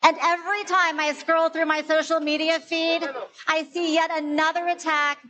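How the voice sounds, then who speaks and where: A high-voiced woman speaking at an outdoor rally, delivering a prepared speech with the steady poise of a news anchor. Her tone is earnest and measured. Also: poor audio.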